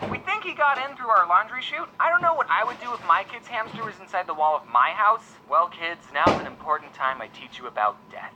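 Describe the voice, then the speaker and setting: A video creator telling a scripted comedic story with deadpan jokey asides. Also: mid-range voice, brisk, hardly any pauses, background noise.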